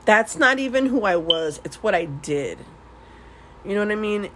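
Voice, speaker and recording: A woman's voice: mid-range voice, expressive, moderate pace, a bit bright, a little hiss or hum, low-quality recording. A middle-aged woman talking candidly to her viewers, rambling and restarting often with laughs between thoughts. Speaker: beauty vlogger swatching nail products. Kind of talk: casual confessional chat.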